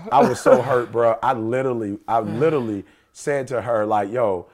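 A man's voice: medium pitch, normal speed, a little mellow. A man hosting a casual talk show, telling stories animatedly and laughing often. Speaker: podcast host. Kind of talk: casual chat.

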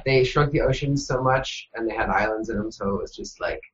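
A man's voice: medium pitch, a little fast, a bit bright. A young man on a casual gaming podcast, hesitant and often trailing off. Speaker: podcast panelist. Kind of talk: casual chat. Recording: dull, faintly noisy audio.

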